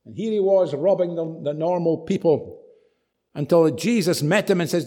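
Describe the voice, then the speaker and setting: A man preaching a sermon, telling stories with animated, dramatic emphasis. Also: fairly high pitch, normal speed.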